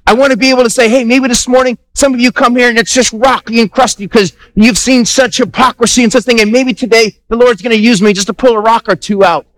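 A high-pitched man delivers a Sunday sermon from the pulpit, animated and conversational, acting out little exchanges and repeating words for emphasis. The sound is close and dry, with almost no room echo. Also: quick pace, few pauses. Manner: animated preaching with acted-out dialogue and repetitions. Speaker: pastor. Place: church sanctuary.

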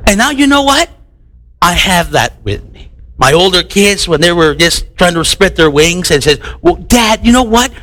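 A man's voice: high voice, animated, moderate pace, sharp tone. A middle-aged man from the United States preaching a sermon, acting out the voices of people in his stories. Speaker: pastor.

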